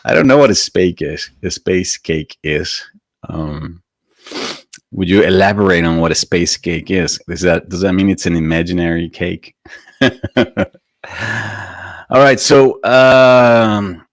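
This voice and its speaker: A man with a very low voice speaks slowly and gently as he hosts a live meditation stream. His talk is chatty and easygoing, with soft laughs and plenty of ums. The sound is close and dry, with faint music behind him. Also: no room sound. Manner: gentle, chatty, laughs softly, many fillers. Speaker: host of a weekly meditation broadcast. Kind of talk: casual live-stream chat greeting viewers.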